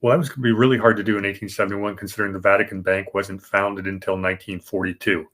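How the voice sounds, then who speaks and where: A man's voice: fairly low pitch, little pitch movement, fast talker, a bit bright. A man co-hosting a podcast, explaining banking history casually, with fillers and restarts. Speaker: podcast co-host.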